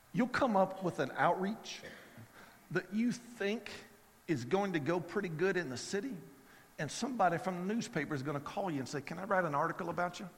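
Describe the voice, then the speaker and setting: A man preaching a sermon in a casual, conversational way, telling stories and often repeating words as he starts a sentence. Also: a little high. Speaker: pastor. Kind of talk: sermon with storytelling. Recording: long hall reverb.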